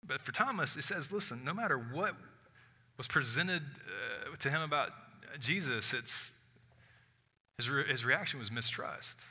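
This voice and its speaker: A man preaching a sermon as pastor, shifting from loud emphatic lines to hushed soft ones, with casual asides. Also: medium pitch, animated, a little slow, husky. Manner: conversational asides with "like". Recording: long hall reverb of a church.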